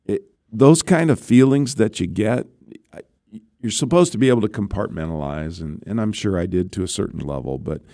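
Speaking fairly quickly with lively intonation, a man with a fairly low, mellow voice tells stories as a former astronaut being interviewed. His manner is conversational, with frequent check-ins of "right?". The dry recording has studio quality.

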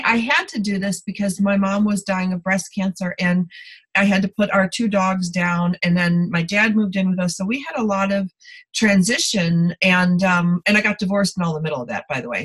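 A woman's voice: mid-range voice, poor audio. A middle-aged woman in casual conversation, telling personal stories candidly in a confiding way. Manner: candid storytelling, warm confiding tone.

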